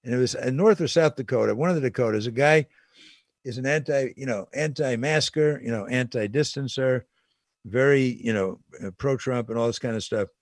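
A man's voice: medium pitch, fairly quick, no echo. Indignant male talk host, dry sound. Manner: animated, indignant, laughs while ranting. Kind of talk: opinionated monologue.

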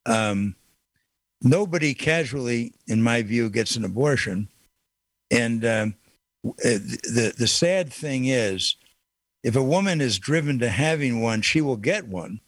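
A man's voice: medium pitch, expressive, unhurried, no room sound. A man in the middle of his range talks straight into a studio microphone as the host of a call-in radio show. He is emphatic and folksy, and he often says a line twice to drive it home. The booth sounds dry, with no room around him. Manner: emphatic, repeats key phrases, folksy.

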